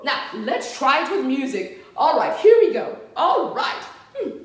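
A woman's voice: high-pitched, very animated, unhurried. A woman hosting a children's storytime in a giggly, theatrical way, often exclaiming "oh dear". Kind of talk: playful storytime talk to children. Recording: very echoey room with faint music.

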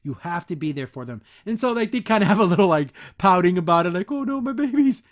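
A man's voice: sits high, quick pace. A man hosting a podcast, giving a casual, rambling episode review full of "like"s and laughs. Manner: animated, rambling, frequent laughs and "like". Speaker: podcast host.

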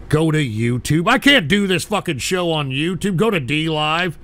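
A man hosting a crude comedic call-in show, ranting loudly and profanely with exasperation. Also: on the high side, animated, normal speed, hardly any pauses.

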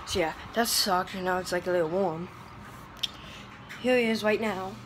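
Out walking through town, a woman vlogs on a handheld phone camera, rambling playfully and slipping into silly sound effects and singsong noises. Her voice is fairly low at a moderate pace, and the phone video picks up clear outdoor background noise.

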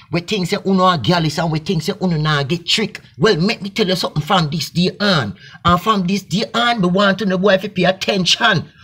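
Jamaican guy ranting, loud and mocking, yells a lot, does squeaky impressions. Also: slightly rough. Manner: loud, shouting, mocking, mimics others in high squeals. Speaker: video commentator. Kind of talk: mocking reaction rant.

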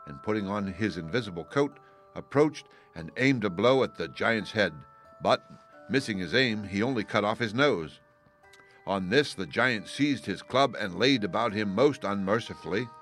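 A low-voiced man reads a fairy tale as an audiobook, his tone level and steady. Soft music sits faintly in the background.

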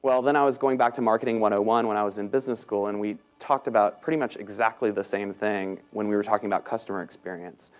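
Fast-talking man with Southern accent. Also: lowish voice. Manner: self-deprecating, quick, many ums. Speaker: panel speaker. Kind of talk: conference talk. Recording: talk recorded in a meeting room.

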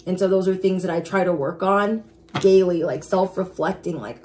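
Chatty, excitable woman tarot reader. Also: lowish voice, normal speed, a little hiss or hum. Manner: chatty and excitable, speaks directly to viewers. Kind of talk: casual tarot reading to viewers.

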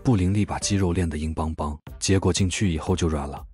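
A man narrating a video recap in a quick, wry, mocking commentary voice-over. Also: low voice, music in the background. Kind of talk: fast scripted commentary voice-over.

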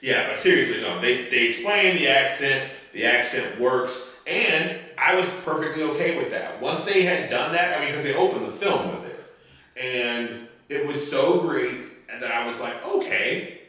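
A man co-hosting a casual podcast, reviewing a film in a rambling, animated way full of fillers. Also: mid-range voice, moderate pace. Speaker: podcast co-host. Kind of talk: casual movie review chat. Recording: echoey room, mic at a distance.

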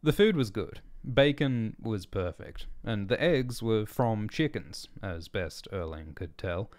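A man narrates his own story aloud in a measured, descriptive way. His voice sits very low. He takes his time over each line. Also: lively intonation, darkish tone, dry recording, studio quality. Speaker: author and narrator.

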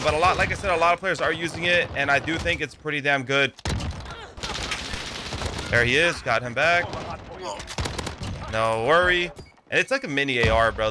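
A young man with a slightly higher voice talks over his own shooter gameplay in a loose, excitable stream of chatter. He swears freely and breaks into yells when the fighting heats up. Gunshot sounds run clearly behind his voice. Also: noisy background. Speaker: gaming YouTuber. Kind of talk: live gameplay commentary.

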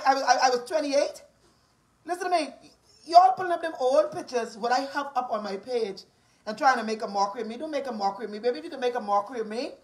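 A high-pitched Bahamian woman in her forties, talking straight to her listeners in an angry rant. She is profane and combative, hammering the same taunts again and again. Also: poor audio.

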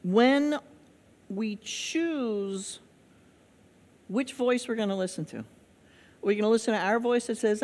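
A middle-aged woman pastor preaching in a relaxed, conversational way, leaning on repeated phrases and rhetorical questions. She takes her time, and her voice rings out with a long echo around the church hall. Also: mid-range voice, a little slow. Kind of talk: sermon. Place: church sanctuary.

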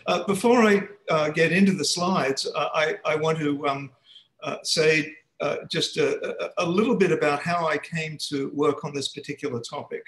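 A man's voice: on the high side, moderate pace, a bit bright, echoey room, low-quality recording. Hesitant man giving an online seminar talk. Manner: hesitant, with frequent restarts. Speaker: guest speaker. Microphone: computer mic on a video call.

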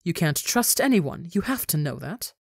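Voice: mid-range voice, big pitch swings, moderate pace, gravelly, husky, dry recording, full character voice. A reader voicing a cruel, possessive woman who belittles and haunts a young man, cold and hissing, in a dry close recording. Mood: insidious.

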